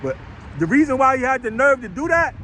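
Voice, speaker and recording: A man preaching outdoors on a city street, blunt and rough-spoken, hammering each point with "right?" and "man". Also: very high-pitched, very animated, a little fast, pushed and bright, slight background noise.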